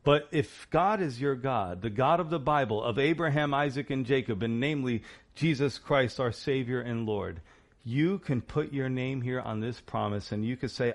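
A man's voice: medium pitch, lively intonation, moderate pace. A man preaching a sermon, earnest and encouraging, often asking the listeners rhetorical questions. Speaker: pastor.

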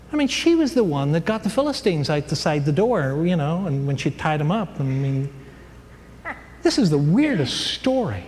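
Animated male Bible teacher in a hall. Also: fairly high pitch, normal speed. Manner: animated storyteller, jokes, many fillers. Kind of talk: casual Bible class lecture. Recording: hall reverb, faint background noise.

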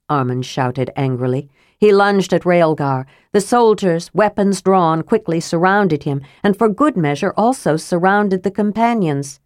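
Low-voiced woman reading a fantasy audiobook. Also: measured pace, darkish tone, no room sound, clean studio sound. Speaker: audiobook narrator.

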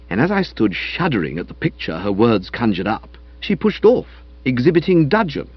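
A man narrating a comic novel aloud in a wry, lively storytelling manner. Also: medium pitch, normal speed, few pauses, breathy edge, dry recording, dull audio. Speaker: audiobook narrator.

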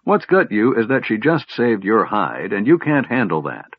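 A man's voice: on the low side, very animated, normal speed, slightly rough, dry recording, muffled recording. Flint: a man growling as a grumpy old dwarf. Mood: scornful. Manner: snorting, stammering through chattering teeth. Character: old grumpy male dwarf, gritty and scolding.

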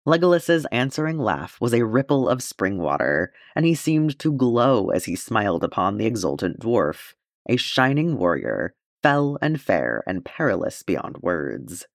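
Male narrator, low, expressive, dry close mic. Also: measured pace, creaky, no echo. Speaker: audiobook reader. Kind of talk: fan fiction audiobook narration.

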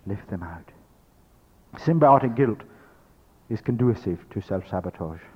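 A man's voice: fairly low pitch, lively intonation, a little slow, dull audio, slight background noise. A man teaching a spiritual workshop, speaking as "we", emphatic and repetitive, acting out his listeners' thoughts. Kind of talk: workshop lecture to an audience.

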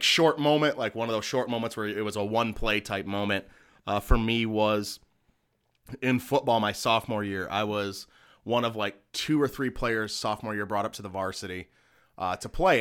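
A man talks casually with a friend, stopping often for fillers and corrections. His voice is low-pitched with a bright, forceful edge. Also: normal speed, smooth. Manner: hesitant, full of fillers and self-corrections. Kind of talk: casual chat.

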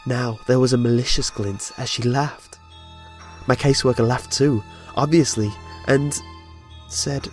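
A man's voice: medium pitch, steady tone, unhurried. Male horror narrator, dramatic storytelling, light music bed. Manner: dramatic storytelling with voiced dialogue.

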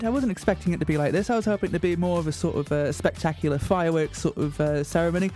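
A man's voice: a little high, quick pace, few pauses, a little mellow, soft background music. A man presenting a radio show in a mock-serious, self-mocking monologue. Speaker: radio host.

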